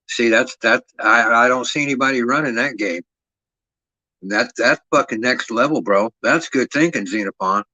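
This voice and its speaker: A man's voice: mid-range voice, pushed and bright, rough recording. A man hosting a livestream, telling stories to his chat in a profane, rambling, streetwise way. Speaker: livestream host. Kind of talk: casual livestream storytelling.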